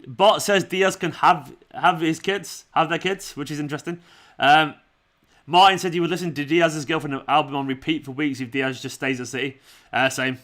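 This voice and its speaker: Bright-voiced man chatting. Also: a little high, steady tone, normal speed. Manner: chatty, reads out viewer comments, laughs a lot. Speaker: fan channel host. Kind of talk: live watchalong chat.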